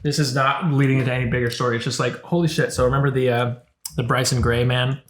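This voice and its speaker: A man's voice: mid-range voice, steady tone, fast. A young man co-hosting a podcast, telling stories in a laid-back, casual way, with lots of swearing and acted-out quotes. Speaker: podcast co-host. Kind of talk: casual chat. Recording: roomy echo.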